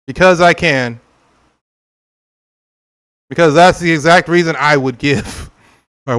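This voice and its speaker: A young man from California chats with viewers while he plays a game, joking and laughing often. His voice sits a little high and comes across smooth and clear. He talks in a loose, rambling way and sometimes acts out silly quotes. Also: slow pace, pauses often, a bit bright. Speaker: gaming streamer. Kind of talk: casual gameplay chat with viewers.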